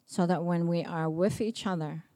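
A woman's voice: lowish voice, steady tone, moderate pace, warm tone. Emphatic woman preaching. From Samoa. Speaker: pastor. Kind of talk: sermon.

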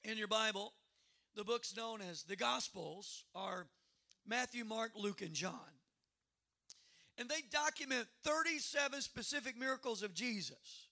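A man preaching a sermon as pastor, emphatic, repeating words and rising to loud exclamations. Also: sits high, animated, measured pace, vocal fry.

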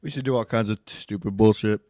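A man's voice: lowish voice, steady tone, fairly quick, warm tone, dry recording. Laid-back man, dry close sound. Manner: laid-back, swearing, laughs at his own stories. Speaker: podcast host. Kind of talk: casual chat.

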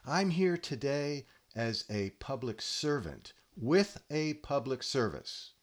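A man hosting a podcast, giving a deadpan comic monologue with mock-earnest, solemn delivery. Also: mid-range voice, takes it slowly. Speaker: podcast host.

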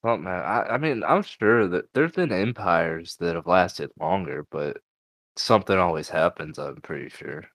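A relaxed young man hosting a casual podcast chat, swearing freely and laughing between thoughts. His voice sits on the low side and sounds close and dry, with no room around it. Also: moderate pace, no room sound. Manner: laid-back, swearing, laughing often. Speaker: podcast host.

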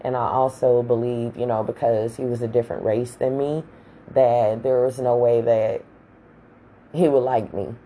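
A woman's voice: a bass voice, steady tone, moderate pace, warm tone, slight background noise, low-quality recording. A woman telling a personal story in a casual, candid and profane way, full of slang.

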